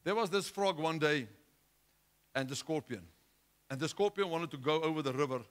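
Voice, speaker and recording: Emphatic, bright-voiced man preaching. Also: on the high side, normal speed. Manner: emphatic preaching with rhetorical questions, swinging between loud and hushed. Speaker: pastor. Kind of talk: sermon.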